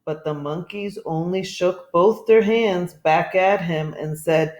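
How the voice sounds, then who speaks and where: A woman reading a children's picture book aloud, expressive and asking listeners questions. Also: fairly low pitch, slow pace, faint music behind. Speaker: storybook reader. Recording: echoey room.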